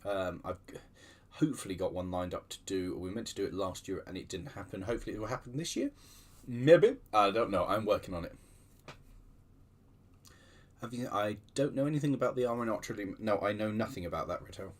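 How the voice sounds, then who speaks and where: A man with a fairly low voice talks fast while hosting a casual livestream. He chats in a rambling, self-deprecating way, restarting often, as a keyboard clacks in the background.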